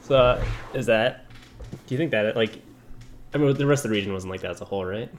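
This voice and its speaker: A man's voice: fairly low pitch, quick pace, slight background noise. A man in a casual esports chat, asking unsure questions.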